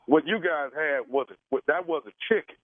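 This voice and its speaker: Guy prank calling, lots of uh's and stammering, slightly high voice, thin dry phone sound. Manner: halting, stammering, full of fillers. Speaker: radio prank caller. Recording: dry tinny phone line.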